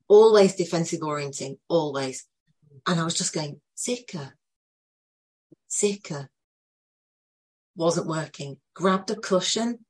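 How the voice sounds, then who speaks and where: A woman telling an emotional personal story to a group, earnest and full of pauses. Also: on the low side, darkish tone, slightly rough. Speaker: group participant sharing a story.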